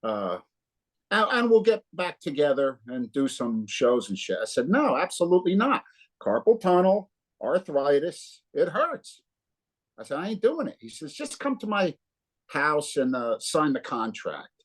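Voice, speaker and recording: A guitarist from New Jersey in his fifties tells stories as a guest in a casual interview, animatedly acting out the dialogue with heavy swearing. His voice is a little high, and he speaks at a measured pace.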